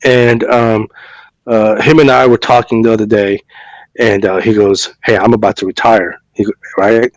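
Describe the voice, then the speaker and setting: Speaking at normal speed in a lowish voice with little pitch movement, a man co-hosts a podcast while recovering from a cough and fever. He tells a long story in casual chat, voicing both people in a conversation, with many fillers, repeats and restarts. The recording is rough but without echo.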